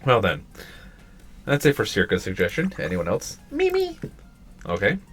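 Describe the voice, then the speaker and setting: A man reading aloud in close to his own low voice as a strict, serious schoolgirl treasurer who runs a meeting. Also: wildly swooping pitch, moderate pace, a bit bright, faint music behind. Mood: stern. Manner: firm, exasperated, businesslike.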